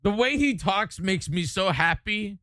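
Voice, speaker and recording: A man's voice: high voice, lively intonation, a little slow, bright, forceful tone, soft background music. A male streamer chatting casually, rambling and stammering as he reacts, and easily amused. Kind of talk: casual live-stream chat.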